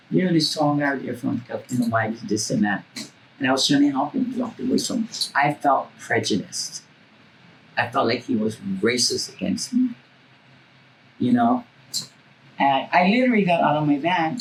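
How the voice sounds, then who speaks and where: A woman's voice: low-pitched, slight background noise, rough recording. A woman telling stories bluntly in an interview, swearing freely and acting out the voices of the people in them. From Hawaii. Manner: acts out voices in her stories. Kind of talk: casual storytelling.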